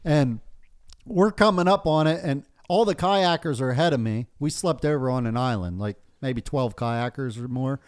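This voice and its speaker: A man's voice: mid-range voice, normal speed, smooth. A man from Pennsylvania hosting a podcast, telling a story in casual chat, swearing often and laughing through it. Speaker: podcast host.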